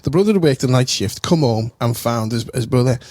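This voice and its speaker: A man as a podcast guest telling an anecdote in an animated, profane, laughing manner. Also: mid-range voice, brisk, no room sound, clean studio sound. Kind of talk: casual storytelling.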